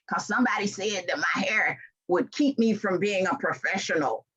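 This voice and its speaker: An earnest, emphatic motivational talk comes from a Southern American keynote speaker in her sixties, who rises into animated stretches now and then. She talks a little fast in a lowish, slightly rough voice, and the audio is dull.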